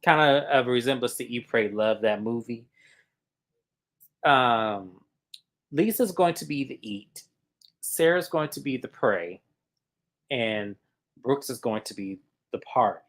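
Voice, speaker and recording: Male recap co-host, animated storyteller, mid pitch, casual. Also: a little slow, long pauses. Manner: animated storyteller who acts out quotes.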